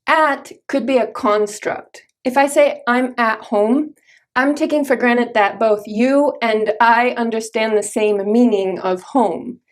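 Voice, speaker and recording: A woman from Minnesota with a Midwestern American accent, teaching an English grammar lesson in a clear, careful way with example sentences. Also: a little high, a little slow, hardly any pauses. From Minnesota, United States.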